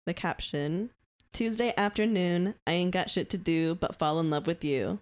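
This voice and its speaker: A woman's voice: on the low side, moderate pace. A woman co-hosting a podcast, reading out captions in casual chat and often breaking into giggles. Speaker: podcast co-host.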